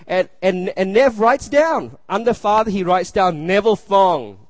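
A pastor in his thirties, whose voice sits high, preaches a sermon at an unhurried pace in a dry recording. Earnest and repetitive, he repeats phrases and keeps asking the room, "you see?"

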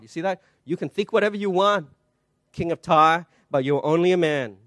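A male pastor delivers a sermon in a notably high voice, recorded dry with little room sound. He tells stories, acts out the voices in them, and asks his listeners rhetorical questions. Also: normal speed, a bit bright, no echo. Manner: storytelling preacher, quoting voices, rhetorical questions. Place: church.

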